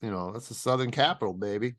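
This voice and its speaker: A man co-hosting a podcast in casual chat, teasing and animated, swearing casually. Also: fairly low pitch, fast talker, no room sound, clean studio sound. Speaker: podcast co-host.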